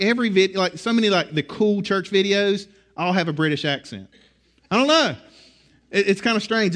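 A middle-aged man preaching a sermon in a conversational, animated way, often restarting his phrases. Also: high-pitched. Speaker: pastor.

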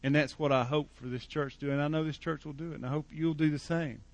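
A man's voice: a little high, fairly even intonation, quick pace, dry recording. A male pastor preaching a sermon in a church in a conversational, joking way.

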